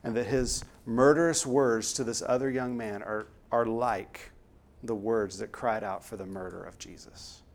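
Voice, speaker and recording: An earnest man preaching a sermon at an ordinary middle pitch. He leans hard on the words he wants to land and pushes the point home. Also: fairly even intonation, measured pace. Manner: earnest, emphatic, rising to stress key words.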